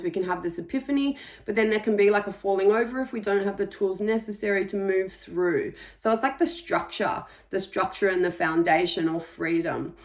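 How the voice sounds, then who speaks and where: A woman with a lowish voice, an intuitive energy reader, gives a spiritual reading for the month. She speaks gently and reflectively, leaving soft pauses.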